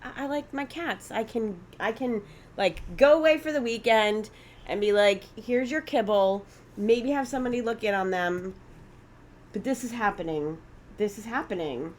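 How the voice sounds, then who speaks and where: A woman's voice: a little high, moderate pace. A woman co-hosting a podcast, chatting with playful enthusiasm and laughing easily. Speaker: podcast co-host. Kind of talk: casual chat.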